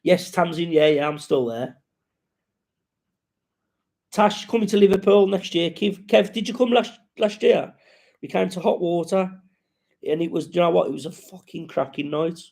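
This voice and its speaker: A man's voice: sits high, normal speed, creaky, long pauses, darkish tone. A man hosting a casual live-stream chat, rambling and sweary as he greets viewers and reads out their comments.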